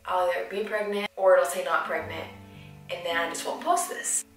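A young woman talking excitedly to camera in a personal vlog, breathless and giddy, often dropping to a whisper. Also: on the low side, moderate pace. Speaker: vlogger. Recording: roomy, distant from the mic, music behind.

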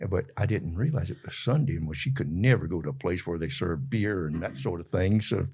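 A man's voice: sits low, expressive, fairly quick, darkish tone, husky. An older man with a Southern Georgia accent, a folksy interview guest telling colorful stories and often laughing mid-sentence. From Georgia, USA. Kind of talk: animated storytelling.

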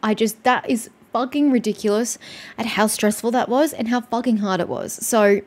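Woman gaming commentator, worn out from crying, swearing rant, fairly high voice. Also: moderate pace. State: upset and exhausted after crying. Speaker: gameplay streamer. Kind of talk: let's play commentary.

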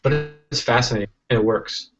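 Man, interview guest, animated storyteller, mid-pitched voice, muffled lo-fi video call sound. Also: fairly quick, soft background music. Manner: animated, rambling, many restarts and acted-out quotes. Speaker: interview guest, software entrepreneur.

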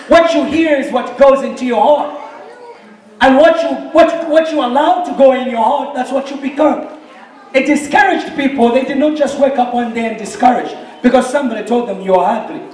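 A man with a Southern African accent preaching a sermon, impassioned and often shouting with emphatic repetition. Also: very high-pitched, far from the mic. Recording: roomy hall, mic from afar.

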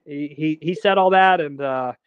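Rambling man, higher voice, dry lo-fi sound. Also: normal speed, clean tone, no room sound. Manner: rambling, lots of fillers and restarts. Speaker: documentary filmmaker guest. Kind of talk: casual interview chat.

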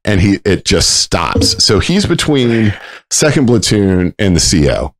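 A man with a low voice tells a rowdy story in casual chat, his pitch swinging wide as he acts out the shouting of others. He swears freely and keeps the pace loose, as a co-host on a talk show about military life. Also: very animated, a little slow, slight background noise. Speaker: veteran podcast co-host.

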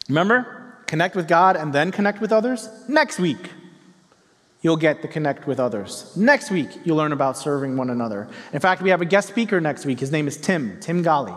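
A man's voice: a little high, lively intonation, fairly quick. A man preaching a sermon to his congregation, telling a story tenderly and earnestly. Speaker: pastor. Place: large church hall. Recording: long hall reverb.

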